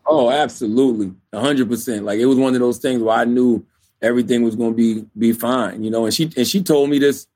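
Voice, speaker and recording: A man from South Carolina, a radio host guesting on an interview, talking in a relaxed, chatty way. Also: mid-range voice, brisk. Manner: relaxed, chatty, many fillers like "you know". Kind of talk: candid interview conversation.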